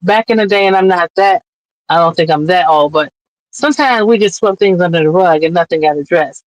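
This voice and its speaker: A woman's voice: on the low side, brisk, dry recording, poor audio. A woman guest on a streamed interview show, talking earnestly and with passion as an advocate, close to tears at times. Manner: earnest, impassioned, tearful at times. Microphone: remote streaming mic.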